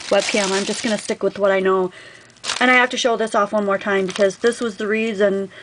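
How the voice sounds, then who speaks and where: A woman's voice: medium pitch, fairly even intonation, fairly quick, a bit bright, a little hiss or hum, poor audio. A woman craft vlogger opening a gift package on camera, gushing over each item in a casual, effusive way. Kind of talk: casual unboxing vlog.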